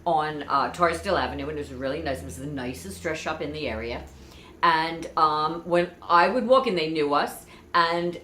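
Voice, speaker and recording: A woman's voice: deep voice, a bit bright, slight background noise. A woman chatting through family memories in a meandering, conversational way, full of asides. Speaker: vlogger. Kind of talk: personal storytelling. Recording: echoey room.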